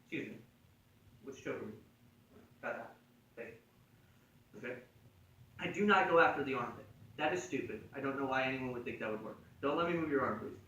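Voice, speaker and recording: Bright, joking jiu-jitsu instructor in echoey gym. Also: male voice, medium pitch, lively intonation, a little fast, pauses often, a little hiss or hum. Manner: joking, conversational, frequent "right?" check-ins. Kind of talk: casual technique instruction. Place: martial arts gym. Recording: echoey room, mic at a distance.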